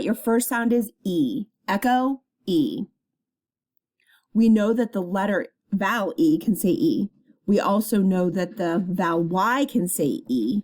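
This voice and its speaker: A female teacher with a lowish, darkish voice gives a spelling test. She dictates each word slowly and clearly, adding patient explanations.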